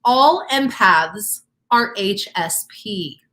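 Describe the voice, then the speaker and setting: A woman's voice: medium pitch, lively intonation, extremely slow, sharp tone. A woman co-hosting a casual talk show, explaining ideas step by step in an earnest, encouraging way. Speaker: co-host. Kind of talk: casual teaching chat.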